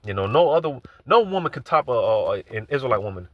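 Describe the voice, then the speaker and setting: A man's voice: mid-range voice, very animated, fast talker, no room sound, lo-fi sound. A man giving an informal live sermon, loose and conversational, repeating phrases and filling gaps with asides. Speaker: preacher.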